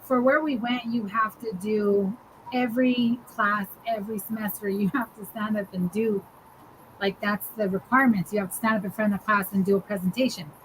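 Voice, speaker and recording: A woman's voice: medium pitch, steady tone, brisk, a little hiss or hum, low-quality recording. A woman co-hosting a podcast, telling a story in casual chat, full of "like" and "dude" and laughing as she goes. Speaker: podcast co-host.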